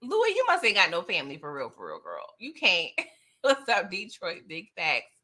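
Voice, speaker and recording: Lively bright-voiced woman recapping TV. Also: lowish voice, moderate pace. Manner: animated, slangy, laughs often. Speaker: TV recap host. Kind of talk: casual episode recap.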